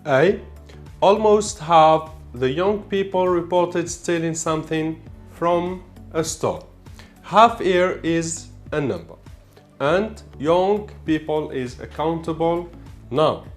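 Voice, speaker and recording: A man with an Algerian accent, an English teacher slowly walking through an exam, repeating key words as he explains. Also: fairly high pitch, soft background music. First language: Arabic. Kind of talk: exam walkthrough lesson.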